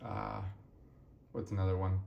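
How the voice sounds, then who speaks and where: A tired young man talks through a language lesson in a low, gravelly voice, rambling and often stopping to correct himself. The sound is dull and roomy, like a home recording. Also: completely flat delivery, unhurried, a little hiss or hum. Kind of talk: casual spoken lesson.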